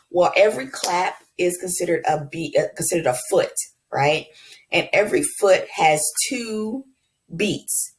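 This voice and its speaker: A woman explaining a lesson to her class. Her voice sits low and has a gravelly fry, and she talks in a relaxed, chatty way, calling the students y'all and filling pauses with um. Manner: casual, addresses class as y'all, frequent ums. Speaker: teacher. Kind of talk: classroom lecture.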